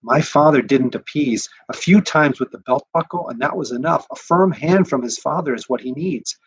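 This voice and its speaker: A man voicing an exasperated mother who scolds her son and her husband in a sharp voice. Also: extremely low pitch, normal speed, breathy edge, no echo, pitched above the performer's own voice, poor audio. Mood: bitter. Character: exasperated mother of two sons, quick to anger.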